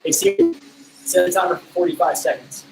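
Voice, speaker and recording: A man's voice: high-pitched, huge pitch swings, a little fast, creaky, a little mellow, reverberant, far from the mic, soft background music, rough recording. A man coaching a live workout while exercising himself, out of breath and urging viewers on as he counts reps. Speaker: fitness coach.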